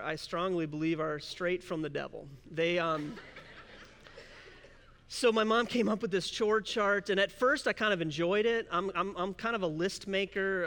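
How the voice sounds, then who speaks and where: A male pastor delivers a sermon in a fairly high voice that rings through a large hall with long reverb. He tells stories casually, breaking in with quick self-deprecating jokes, then turns to Scripture. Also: a bit bright.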